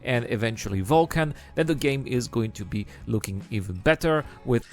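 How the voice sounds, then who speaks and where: Measured male countdown-video narrator. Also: medium pitch, animated. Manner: measured and explanatory, steadily makes his case.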